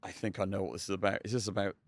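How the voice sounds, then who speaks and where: Male chef guest, rapid anecdotal delivery with lots of ums, lower pitch. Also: little pitch movement, dry recording. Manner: quick, chatty, many fillers and restarts. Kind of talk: casual storytelling.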